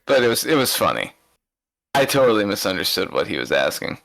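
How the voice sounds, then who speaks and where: A man's voice: on the low side, sing-song, a little fast, creaky, a bit bright, poor audio. A man co-hosting a podcast, telling casual stories with lots of restarts and fillers. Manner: rambling anecdotal storytelling with many restarts. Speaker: podcast co-host. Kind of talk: casual chat.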